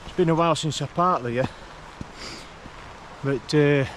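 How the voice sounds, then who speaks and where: Out of breath as he walks uphill on an outdoor forest track, a hiking vlogger chats casually for his vlog. His voice sits fairly high, with a little hiss or hum behind it. He's chatty and unhurried, rambling as he climbs.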